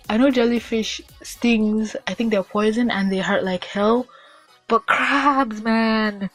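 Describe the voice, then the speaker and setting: A young woman vlogging casually, reading would-you-rather questions aloud and thinking out loud as she answers them. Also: mid-range voice. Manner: chatty and musing, thinks out loud with restarts.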